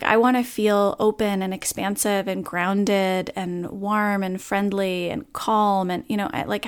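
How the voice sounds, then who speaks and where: A woman with a mid-range, clean-toned voice hosts her own podcast. In a reflective monologue, she speaks candidly and earnestly about a hard morning.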